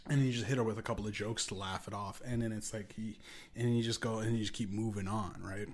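A man's voice: fairly low pitch, steady tone, fast talker. A man hosting a podcast, riffing in casual, rambling comedic commentary with lots of swearing. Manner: rambling, profane, acts out quoted voices. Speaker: podcast host.

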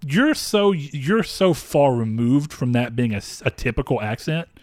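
A man's voice: medium pitch, animated, a little slow, darkish tone, dry recording, clean studio sound. A young man from the American South co-hosting a podcast, chatting casually and rambling with many fillers and frequent laughs. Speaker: podcast co-host. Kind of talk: casual chat.

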